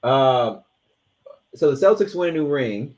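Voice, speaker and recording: A man co-hosting a casual podcast, retelling stories with animated, profane, dramatic flair. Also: mid-range voice, measured pace. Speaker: podcast co-host. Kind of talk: casual sports and culture chat.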